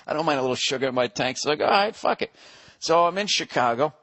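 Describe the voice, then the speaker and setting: A man in his forties hosting a podcast, telling a profane comedic story solo, acting out voices in animated asides. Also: medium pitch, a little fast, slight background noise. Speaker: podcast host.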